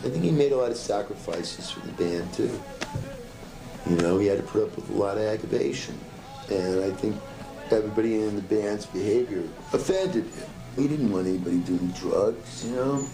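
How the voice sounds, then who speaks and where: A man in a documentary interview, speaking in a reflective, measured way. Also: fairly low pitch, gravelly, music in the background, low-quality recording.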